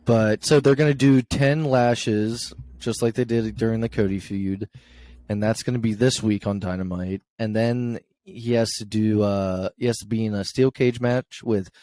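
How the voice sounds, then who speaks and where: A man's voice: lowish voice, steady tone, moderate pace, dark tone, no room sound. Rambling young man recapping, dry mic. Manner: rambling recap with fillers and acted-out quotes. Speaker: podcast co-host. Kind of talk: casual chat recapping wrestling.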